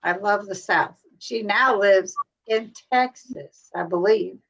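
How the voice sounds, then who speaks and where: A woman from the American Midwest hosting a casual live stream chat, talking in quick asides and laughing often. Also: medium pitch, creaky, a bit bright, lo-fi sound. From Cincinnati, USA.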